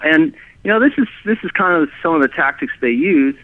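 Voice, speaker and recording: A man's voice: sits high, very animated, brisk, vocal fry, no echo. Man rambling over a tinny phone line. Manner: rambling, full of restarts and "you know". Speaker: guest telling his experience. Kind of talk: casual storytelling in conversation.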